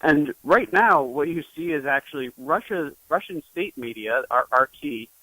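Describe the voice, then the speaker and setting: Hesitant young journalist guest. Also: male voice, fairly high pitch, animated, normal speed, pushed and bright, no room sound, poor audio. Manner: hesitant, full of restarts. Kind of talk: interview conversation.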